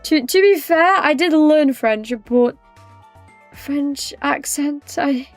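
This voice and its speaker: A young British woman with a high voice chats with her livestream viewers at a slow pace, rambling, teasing, and laughing easily. Faint music plays behind her.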